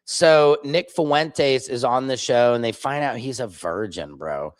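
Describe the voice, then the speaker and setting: A man who is a father, casually ramble-chatting on his own livestream, digressing and mocking others with quick impressions. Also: mid-range voice, dry recording, clean studio sound. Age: adult, father of children. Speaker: streamer, independent commentator. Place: home studio.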